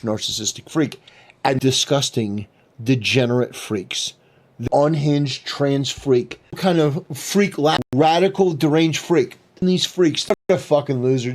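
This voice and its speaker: A man ranting in online commentary clips, spitting out contemptuous insults in short bursts. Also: medium pitch. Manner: contemptuous, clipped name-calling. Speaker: YouTube commentator. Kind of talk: supercut of online commentary rants.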